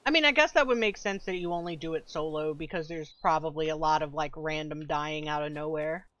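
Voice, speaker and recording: A woman's voice: deep voice, brisk, fairly bright tone, dry recording, muffled recording. A woman streamer chatting casually with viewers while playing a game, laid-back and swearing freely, sometimes eating as she talks. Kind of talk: casual gaming stream chat.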